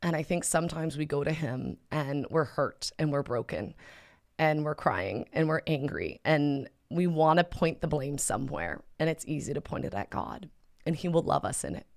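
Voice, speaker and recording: A woman with a low voice talks in a casual, gentle way as she answers viewer questions. She drifts into fillers and restarts often, keeping it warm and conversational rather than polished. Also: lively intonation, moderate pace, gravelly. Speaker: mother. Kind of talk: casual spoken Q&A.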